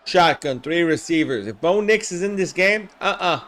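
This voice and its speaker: Excitable high-voiced man calling plays. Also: moderate pace. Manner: excitable, shouts on big plays, chats to viewers by name. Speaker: host of a game simulation stream. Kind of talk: live play-by-play commentary with chat replies.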